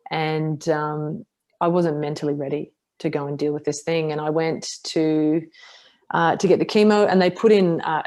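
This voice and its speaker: A middle-aged woman, a podcast guest telling a personal story frankly and with a self-deprecating edge. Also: deep voice. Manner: frank, self-deprecating, animated retelling with acted quotes. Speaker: podcast guest, martial artist. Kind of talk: candid interview storytelling.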